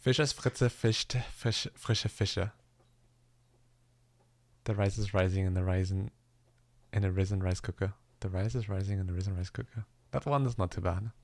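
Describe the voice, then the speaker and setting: A man's voice: sits low, fairly even intonation, fast, gravelly, mellow, no room sound. A man chatting casually with his livestream viewers, playful and self-mocking, laughing at his own stumbles. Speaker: livestreaming musician. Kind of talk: casual chat with stream viewers.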